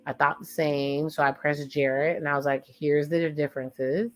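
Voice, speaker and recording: A woman's voice: sits low, flat delivery, normal speed, fairly bright tone, faint music behind. A woman hosting a casual watch-along, chatting in slang and retelling a reality show's dialogue with blunt asides to her viewers. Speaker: watch-along reaction host. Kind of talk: casual reaction commentary.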